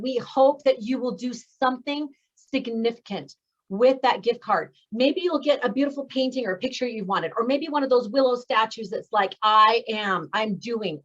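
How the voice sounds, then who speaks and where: A woman's voice: high-pitched, fairly bright tone, highs cut off. A woman hosting a speaking course graduation over a video call, praising and encouraging her graduates effusively. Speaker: speaking coach and course host.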